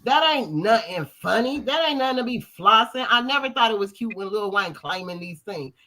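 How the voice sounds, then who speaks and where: A woman's voice: mid-range voice, animated, normal speed, few pauses, sharp tone. A woman from Colorado hosting a livestream, talking in a heated, emphatic, repetitive way like a preacher. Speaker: livestream host.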